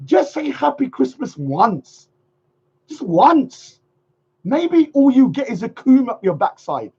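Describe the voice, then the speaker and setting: A man with a high, slightly rough voice hosts a livestream, ranting casually in a mocking, sarcastic tone. He repeats phrases in a sing-song, and the recording is dull, lo-fi stream audio.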